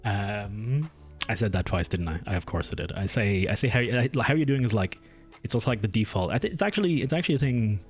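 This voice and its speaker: A man's voice: on the low side, lively intonation, fast, slightly rough, soft background music. A young man streaming from home, chatting casually with his viewers, rambling and restarting his sentences as he goes off on tangents. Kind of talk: casual live-stream chat. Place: home room.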